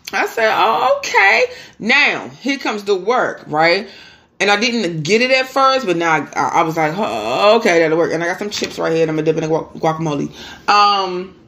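A young woman, chatting casually as she eats for a live mukbang audience. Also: lowish voice. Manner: chatty, talking while eating, playful and animated. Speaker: mukbang host.

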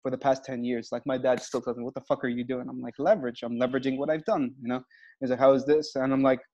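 A man's voice: mid-range voice, fast. A man from Egypt, a comedian, chatting in an interview and acting out his stage routine with lots of swearing. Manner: animated storyteller, acts out his stage bits, swears freely. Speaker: comedian guest. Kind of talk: casual interview chat. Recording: muffled lo-fi video call audio.

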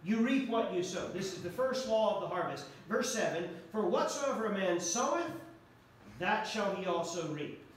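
A pastor preaching a sermon earnestly, repeating key phrases for emphasis. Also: male voice, sits high, animated, normal speed, a little hiss or hum. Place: church sanctuary. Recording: echoey church hall from far off.

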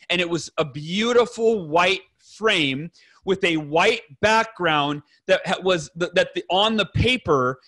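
A man in his thirties speaks as a podcast guest, earnest and rambling, often correcting himself mid-sentence. His voice sits high and bright. He clears his throat often and drops the odd curse word. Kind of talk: emotional personal story to fathers.

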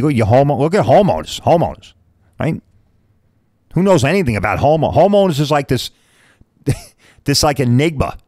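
A man's voice: medium pitch, darkish tone, no room sound. A man in his fifties, a podcast host, talking casually and bluntly, rambling and mild swearing, often asking "right?". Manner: chatty, keeps asking "right?".

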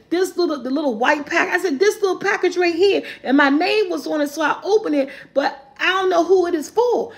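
A woman vlogger, casually telling viewers a funny story, animated and laughing often. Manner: animated, laughing often, rising into high squeals when quoting.

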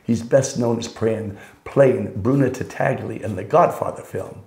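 A man's voice: medium pitch, a little slow, gravelly, dark tone. An older man telling rambling, wry anecdotes in casual conversation, often correcting himself mid-sentence. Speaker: storyteller guest. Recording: roomy echo.

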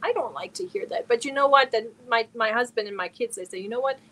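A middle-aged woman chats casually on her live stream. Her voice sits a little high, and she greets viewers and answers their messages one by one. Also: very animated, fast. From Germany. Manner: reads chat messages aloud and answers viewers warmly one by one.

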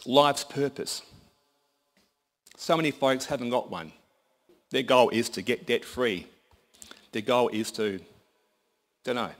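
A man preaching a sermon in a conversational, folksy storytelling manner. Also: mid-range voice.

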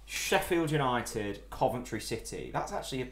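A man's voice: mid-range voice, lively intonation, moderate pace. A man co-hosting a podcast in a jokey, bantering way. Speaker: podcast co-host. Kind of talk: casual chat.

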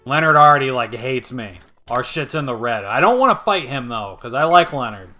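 A young man casually commentating a life-sim game he is playing, swearing freely and getting excitable. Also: medium pitch, fairly quick, faint music behind. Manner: profane, excitable, jokey. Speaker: gaming video host.

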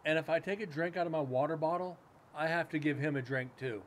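A man's voice: fairly high pitch, quick pace, slight background noise. A man hosting a paranormal livestream, chatting casually in a loose, rambling way with some swearing. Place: home room with a cat nearby.

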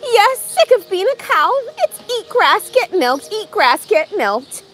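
A woman's voice: extremely high pitch, very animated, slow, a bit bright, pitched above the performer's own voice, heavily acted. A woman voicing a stubborn, dramatic female dairy cow in a plaintive, insistent voice for a storybook read-aloud.

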